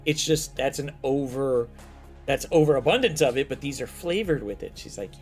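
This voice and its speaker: A man from the United States hosting a casual chat show, telling stories in a lively, profane way. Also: mid-range voice, moderate pace, soft background music. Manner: animated, profane storytelling. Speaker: host.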